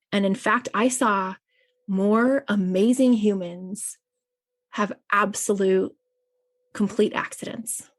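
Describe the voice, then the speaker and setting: Female guest, chaplain, mid pitch, earnest storytelling, casual fillers. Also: steady tone, measured pace. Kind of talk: personal conversation.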